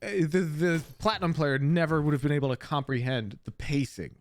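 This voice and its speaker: A man's voice: fairly high pitch, fairly quick. A man coaching a player through a gameplay review, emphatic and blunt, repeating his key points. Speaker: game coach.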